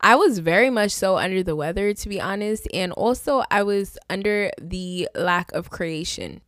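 A woman hosting her own podcast, telling stories in a sassy, animated, casual way with playful asides. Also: medium pitch, moderate pace, no echo, clean studio sound. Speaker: podcast host. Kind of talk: casual solo podcast chat.

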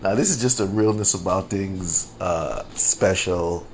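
Slow, deep-voiced man rambling on a podcast. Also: darkish tone, slight background noise. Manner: rambling, repeats phrases, laughs at own jokes; slangy and conversational. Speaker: podcast host. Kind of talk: casual solo podcast monologue.

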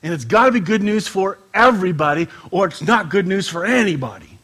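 A male pastor giving a conversational sermon to his congregation, joking in asides and slowing down to stress scripture. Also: high voice, expressive, a bit bright. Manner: conversational, emphatic, playful asides, drawn-out scripture reading. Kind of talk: informal sermon with scripture reading. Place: church sanctuary with a congregation.

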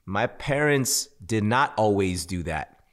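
A man's voice: on the low side, lively intonation, slow, a bit bright. A man co-hosting a podcast, talking reflectively in a casual faith conversation, thinking aloud with restarts and laughs. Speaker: podcast co-host. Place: indoor studio at a shared meal.

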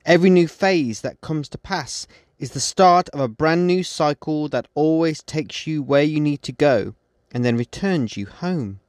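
A man hosting a podcast, reading his poems in a measured way and speaking his closing words with many hesitations. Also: a little high, animated, a little mellow, no echo, studio quality. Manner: measured recitation, then halting unscripted outro with many fillers. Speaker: poet and podcast host. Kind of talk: poetry reading.

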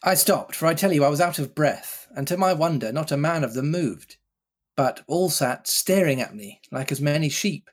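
A man who co-hosts the show and reads a novel aloud with animated narration between casual chat. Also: fairly high pitch, moderate pace, slightly rough. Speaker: reader and co-host. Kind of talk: reading a novel aloud and chatting.

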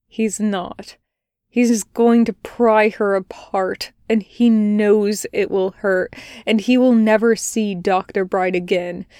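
A woman reading fan fiction aloud as a podfic, in a quiet, measured narration. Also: mid-range voice, clear, resonant tone, dry recording, clean studio sound. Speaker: podfic reader.

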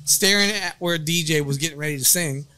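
A man telling a funny story in casual bar chat, animated and laughing often. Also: a little high, fairly quick, smooth, dry recording.

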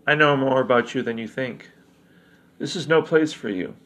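A man voicing a calm, knowing young woman of a village, speaking in a gravelly voice. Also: mid-range voice, moderate pace, lightly acted.

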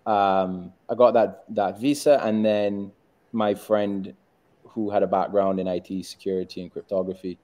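A middle-aged man with a Barbadian accent that leans toward a British-American mix, answering interview questions in a measured, reflective way. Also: sits low, warm tone. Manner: measured and reflective, with frequent ums. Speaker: guest, tech entrepreneur. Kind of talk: interview conversation.

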